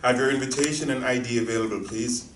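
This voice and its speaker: An actor reading a courteous, formal and steady security guard in a screenplay reading. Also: male voice, mid-range voice, fast, natural voice. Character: polite, firm male security guard. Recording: roomy distant sound with faint noise.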